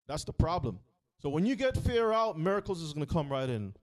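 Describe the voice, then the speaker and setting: A man teaches a Bible passage with a lot of energy, cutting into the reading to ask questions. His voice swings widely and sits a little high. He often acts out the story in different voices. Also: animated, a little fast. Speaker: teacher leading a scripture reading. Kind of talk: interactive sermon.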